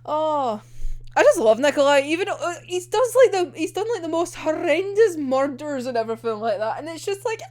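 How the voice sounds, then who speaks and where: A woman vlogger giving a casual anime episode reaction, excitable and sweary, often breaking into giggles. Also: high-pitched, moderate pace.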